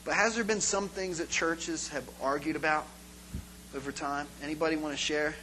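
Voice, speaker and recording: Speaking at a normal speed in a voice on the high side, a pastor delivers a casual sermon full of animated stories and acted-out scenes. The low-quality recording carries a little background noise.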